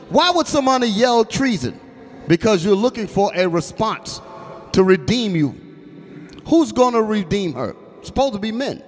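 A man with a high, lively voice argues his point, firing off questions and answering them himself. His voice carries a long reverb, as in a large hall. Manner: argumentative, asking and answering his own questions. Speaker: speaker in a teaching session. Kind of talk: lecture commentary.

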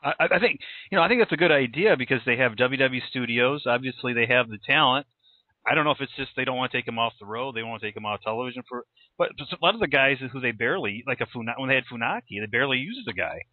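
A male interviewer chatting casually and tossing in quick, agreeable follow-up remarks. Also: medium pitch, lively intonation, no room sound. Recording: tinny phone-line audio.

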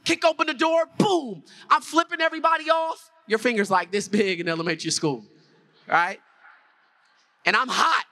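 A man's voice: very high-pitched, moderate pace. A man giving a motivational keynote to a conference audience, telling a story and acting out its scenes while asking the audience questions. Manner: animated, acts out scenes, asks the audience questions. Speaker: keynote speaker. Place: conference hall before an audience.

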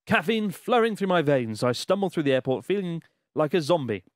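A man's voice: a little high, sing-song, fairly quick, no room sound, studio quality. A man co-hosting a podcast, reading a listener's letter aloud in a casual way, laughing and swearing in disbelief as he goes. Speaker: podcast co-host.

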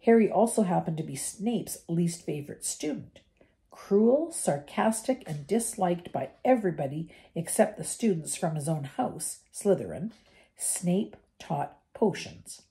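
An older woman reading a children's novel aloud to her grandchildren, expressive, with small slips. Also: fairly low pitch, a little slow. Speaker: storyteller.

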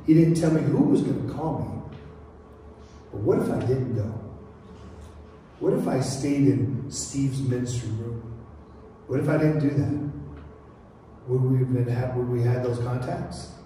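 A man preaching a sermon as pastor, telling stories in a lively, joking way. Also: mid-range voice, unhurried, long pauses, a little hiss or hum. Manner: storytelling, animated and joking. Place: church sanctuary. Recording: echoey church hall from far off.

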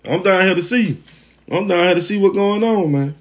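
A man's voice: high voice, moderate pace. A man, teasing a family member in casual vlog banter. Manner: teasing, drawling Southern slang.

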